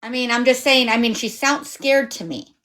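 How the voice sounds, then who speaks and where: A woman joins a live stream panel for casual commentary. Her voice sits a little high. She talks emphatically and sometimes imitates how others sound. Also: animated, normal speed, sharp tone. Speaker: panel guest.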